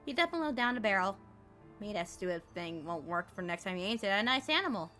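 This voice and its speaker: A woman streamer reads game dialogue aloud, her voice bright and crisp. She jumps all over her range as she teases the text in an animated, playful way, with soft game music behind her. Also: mid-range voice, fast talker.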